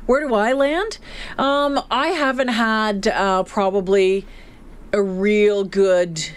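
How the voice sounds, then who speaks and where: A woman's voice: medium pitch, slow pace, clean tone. A woman co-hosting a radio talk show, chatting casually and reading out survey figures. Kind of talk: casual on-air chat.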